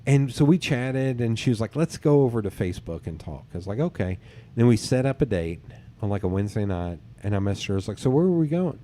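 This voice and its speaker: A male podcast host tells personal dating stories in casual chat, animatedly acting out what others said and swearing casually. He speaks fast in a fairly low-pitched voice, with slight background noise.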